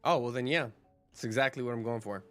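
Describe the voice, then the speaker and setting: A man's voice: medium pitch, fast talker, faint music behind. A man streaming a game, chatting casually and rambling to his viewers. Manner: relaxed, rambling, with restarts and fillers.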